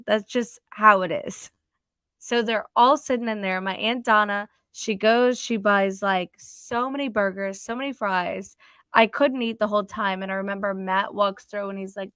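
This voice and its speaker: Blunt, smooth-voiced young woman. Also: mid-range voice, fairly bright tone, no echo. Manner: blunt, swears freely, acts out quotes. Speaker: guest telling her story. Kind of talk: casual interview chat.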